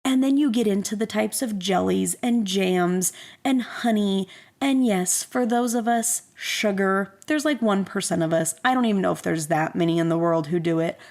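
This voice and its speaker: Woman in her thirties with vocal fry. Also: mid-range voice, normal speed, darkish tone. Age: 30s. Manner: candid, self-deprecating, conversational. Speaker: podcast host. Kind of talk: personal storytelling.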